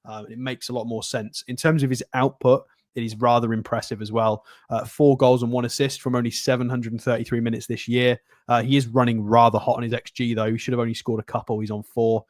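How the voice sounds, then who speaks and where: A man's voice: mid-range voice, level tone, darkish tone, no echo, clean studio sound. Chatty man breaking down football transfers. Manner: chatty, fast, analytical. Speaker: co-host. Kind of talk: casual football podcast analysis.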